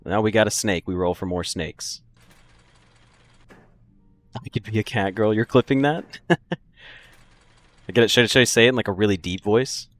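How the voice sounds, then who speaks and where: A man's voice: lowish voice, fairly quick, long pauses. A man streaming a puzzle game, chatting casually and joking with his viewers. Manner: joking, chatty, laughs often. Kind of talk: casual gaming commentary.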